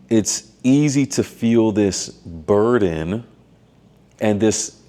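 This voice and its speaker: Male vlogger, low and warm, measured reflective faith talk with fillers. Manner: thoughtful, measured, with frequent fillers and restarts. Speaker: doctoral student and missionary vlogger.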